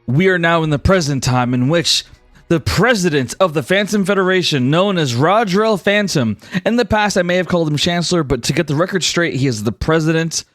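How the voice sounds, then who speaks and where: A man game master narrating a tabletop session on a livestream. His voice sits high and swings widely in pitch, and he rambles and corrects himself as he goes. Faint music plays behind him. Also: lively intonation, brisk, a bit bright, dry recording, clean studio sound.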